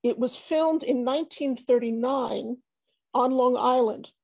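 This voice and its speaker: Woman academic speaker, slow, gravelly and husky, hesitant; video call audio, dry. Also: sits high, darkish tone, dry recording, lo-fi sound. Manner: hesitant, many fillers and restarts. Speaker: academic panelist. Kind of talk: academic talk over screen share.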